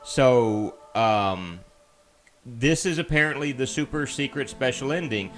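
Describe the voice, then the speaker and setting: A man's voice: medium pitch, unhurried, fairly bright tone, soft background music. A man streaming a video game, chatting casually and mocking himself as he thinks aloud. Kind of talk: casual let's-play commentary.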